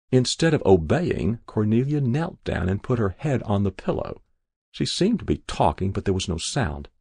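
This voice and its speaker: A man reads literary fiction in a measured, expressive way. His low voice is gravelly and a little husky, and it moves through a wide pitch range. The sound is dry and close, with no room echo. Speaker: narrator. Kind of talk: scripted literary narration.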